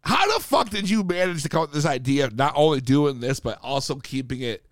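Animated high-voiced male podcast host. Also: fairly quick, no echo, clean studio sound. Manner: loose, profane and animated, frequent laughs. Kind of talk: casual stoner podcast chat.

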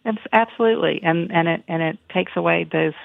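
A woman in her fifties from the American South, a memoir author speaking as a guest in a reflective, halting way with many restarts. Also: lowish voice, vocal fry, dry recording. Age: 50s. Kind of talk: casual interview conversation. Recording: tinny phone-like line, dry.

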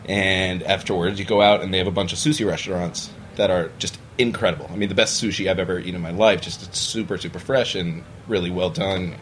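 Low-voiced storyteller, young adult man, animated, mimics the people in his tales, faint hiss behind him. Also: fast, hardly any pauses. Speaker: bar owner, podcast guest. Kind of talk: casual storytelling chat. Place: podcast studio.

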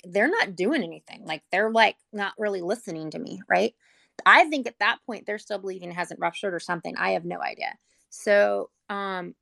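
Gravelly-voiced mother telling an emotional story. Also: medium pitch, fairly bright tone, no echo. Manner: earnest and rambling, heavy with "like"; emotional, close to tears. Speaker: mother telling her son's hospital story. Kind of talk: personal storytelling, casual.

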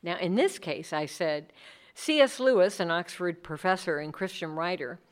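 A woman's voice: lowish voice, animated, normal speed. A middle-aged woman speaking earnestly to a group about leading Bible studies, acting out the people she quotes. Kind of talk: talk with audience questions.

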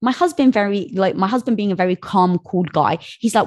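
Woman, interview guest, animated storytelling, acts out voices. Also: mid-range voice, brisk. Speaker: guest, business founder. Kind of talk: casual storytelling.

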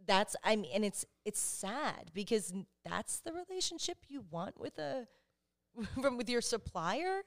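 A woman's voice: a little high, very animated, unhurried. Emphatic woman giving business advice. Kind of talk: casual chat.

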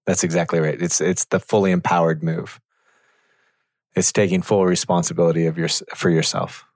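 A man teaching in a reflective conversation, measured and thoughtful, pausing to find his words. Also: low-pitched, level tone, a little mellow, dry recording, clean studio sound.

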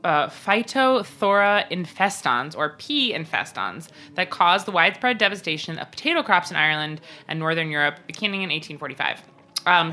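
A woman co-hosting a podcast, chatting casually and telling stories with jokes. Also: low voice. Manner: animated, jokey, chatty storytelling. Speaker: podcast co-host. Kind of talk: casual chat.

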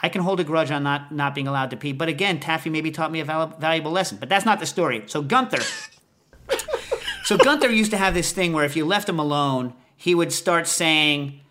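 Rambling animated male podcast host. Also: a little high, fairly quick. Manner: rambling, animated, lots of fillers. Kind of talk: casual storytelling chat.

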